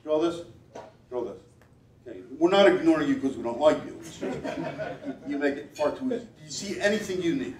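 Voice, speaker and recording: A man's voice: on the high side, expressive, fast, darkish tone. Playful man on stage in a roomy hall. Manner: playful, teasing, wry asides; rhythmic repeated commands. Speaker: stage performer reading body language. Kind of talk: live stage act with audience volunteers. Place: event hall at a gala. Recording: roomy hall, voice picked up from a distance.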